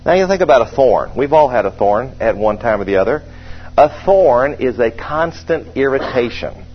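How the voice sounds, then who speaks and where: A man preaching a sermon to a congregation, slowing down to press on each line of scripture. His voice is husky and sits at an everyday pitch. The recording sounds dull and lo-fi. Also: animated, soft background music. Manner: conversational, asks the congregation questions, slows and stresses scripture. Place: church service with a congregation.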